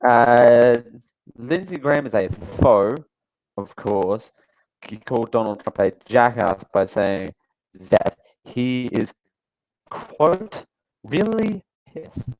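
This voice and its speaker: A man's voice: medium pitch, slow, darkish tone, dull audio, slight background noise. A man hosting a live talk show, giving casual, sarcastic commentary that rambles with fillers and restarts. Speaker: show host.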